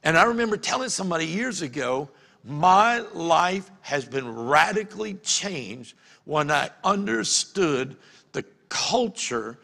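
A middle-aged pastor preaching in a folksy, animated way, his voice high-pitched and bright. It rings with the long reverb of a church sanctuary. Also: unhurried, creaky. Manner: folksy, animated storytelling with acted-out quotes. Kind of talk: sermon.

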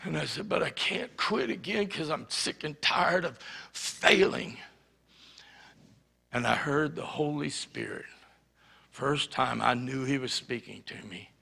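Brief: male pastor, raspy bright voice, lively testimony from the pulpit, reverberant hall. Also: fairly high pitch, measured pace. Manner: animated storytelling, acts out quotes. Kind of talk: sermon testimony. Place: church sanctuary.

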